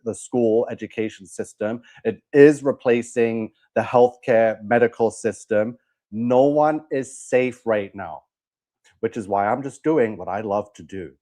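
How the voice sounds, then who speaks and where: A man's voice: mid-range voice, a little mellow. Emphatic preaching man. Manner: emphatic, scornful, warning repeatedly. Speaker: host of a religious commentary channel. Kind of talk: preachy commentary.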